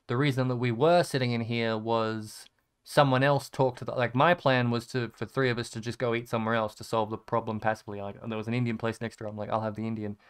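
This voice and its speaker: A young man talking candidly in a personal vlog, rambling and halting, swearing casually and trailing off quietly, still emotional after crying. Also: medium pitch, flat delivery, clear, resonant tone. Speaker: vlogger.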